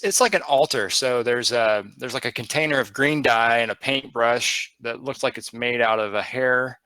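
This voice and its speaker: A man narrating as game master of a tabletop game, rambling and halting with many fillers. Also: medium pitch, gravelly, pushed and bright, no room sound.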